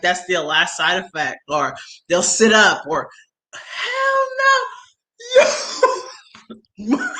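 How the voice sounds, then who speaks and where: A young woman hosting a casual chat, telling an animated story with slang and frequent laughter. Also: a little high. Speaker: host.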